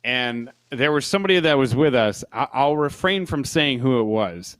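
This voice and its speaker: A man's voice: mid-range voice, expressive, normal speed, a bit bright, smooth, no room sound. A man co-hosting a podcast, telling a rambling story in casual chat, laughing as he goes. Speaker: podcast co-host.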